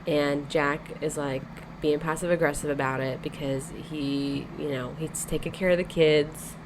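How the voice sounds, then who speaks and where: Low-voiced woman recapping a book. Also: fairly even intonation, measured pace, background noise. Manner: chatty, loose retelling full of "like" and "you know". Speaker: podcast co-host. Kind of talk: casual book-club chat retelling a plot.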